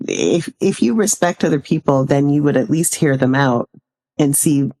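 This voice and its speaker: A woman guest on a podcast who talks in casual chat, measured and reflective, and laughs easily. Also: low-pitched, animated, warm tone.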